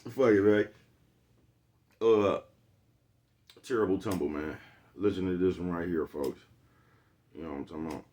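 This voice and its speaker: A relaxed vlogger with a low, deep voice addresses his viewers directly in a loose motivational monologue, repeatedly returning to "you know what I'm talking about." He speaks at normal speed with frequent pauses, and the highs are cut off.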